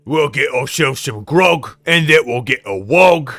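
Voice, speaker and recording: A man voicing a rowdy male ork with a put-on Cockney accent, loud and drawling. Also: medium pitch, animated, unhurried, dry recording, voice pushed up.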